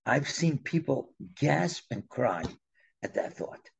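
A middle-aged man telling a story in an animated way, often letting his voice drop soft. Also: mid-range voice, slow pace, vocal fry, breathy edge, muffled recording. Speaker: storyteller guest. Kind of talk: conversational storytelling.

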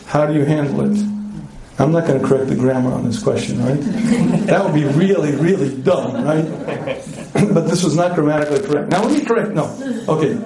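A middle-aged man giving a joking, animated marriage seminar talk to a live audience, clearing his throat often. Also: fairly high pitch, slight background noise. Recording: echoey hall.

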